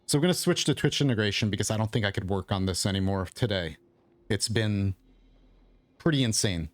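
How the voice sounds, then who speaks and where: A man's voice: lowish voice, expressive, fairly quick, no echo. A man who is losing his voice, casually thinking aloud as he explains his gameplay as the host of a gaming video.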